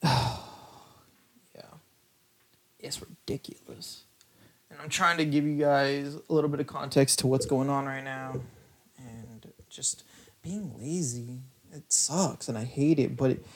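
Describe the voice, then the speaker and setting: A young man hosting his own podcast, rambling loosely and mocking himself, sounding tired and lethargic. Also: mid-range voice. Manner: rambling, self-mocking, loose storytelling with lots of fillers. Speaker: podcast host. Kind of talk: casual solo podcast rambling.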